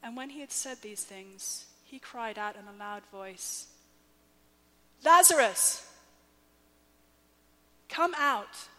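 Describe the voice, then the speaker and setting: A woman in her thirties preaching a sermon, slow, measured and emphatic, with soft quiet dips. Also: medium pitch. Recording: long hall reverb, faint hum.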